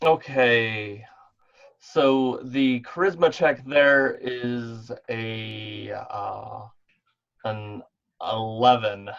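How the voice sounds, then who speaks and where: Male game master, mid-pitched, rambling and hesitant delivery, dull online-call audio. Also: steady tone, drawn-out words, vocal fry, fairly bright tone. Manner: rambling, lots of fillers and restarts. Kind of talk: running an online tabletop game.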